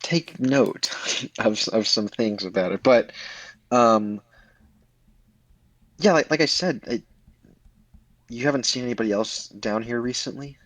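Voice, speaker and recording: A man's voice: medium pitch, a little slow, long pauses, a bit bright, no room sound, low-quality recording. A man playing a tabletop game, talking hesitantly with many fillers. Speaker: player.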